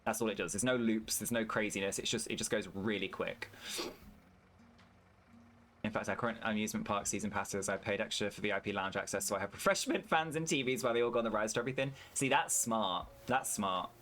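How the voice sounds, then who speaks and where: A British man from the United Kingdom, with a British English accent, streams a farming game, chatting casually, swearing freely, and answering his chat. His voice is fairly low and a bit bright, fairly quick, with a little hiss or hum in the recording.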